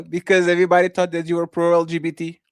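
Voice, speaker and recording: Co-host, man, high voice, restarts constantly, dry close mic. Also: monotone, smooth, no echo. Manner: talks fast in broken restarts, swears casually. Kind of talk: casual livestream chat.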